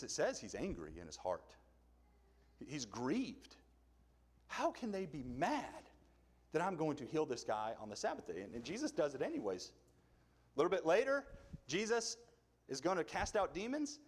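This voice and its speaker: A man preaching in a church, his voice pitched a little high for a man and ranging widely as he tells a Bible story. He acts out the quoted lines with sudden leaps in pitch. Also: wildly swooping pitch, normal speed, husky. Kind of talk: sermon. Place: church sanctuary.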